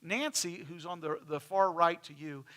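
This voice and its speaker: Bright-voiced chatty preacher. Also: male voice, on the high side, moderate pace. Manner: chatty, storytelling, acts out quoted people. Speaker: pastor. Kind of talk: casual sermon, telling stories over slides. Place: church.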